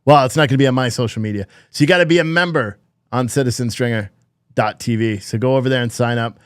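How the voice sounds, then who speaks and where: A man's voice: mid-range voice, fast, clean tone, no echo, studio quality. A man hosting his own live stream, chatting casually and rambling through announcements with lots of fillers. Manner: rambling, loose, filler-heavy. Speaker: channel host.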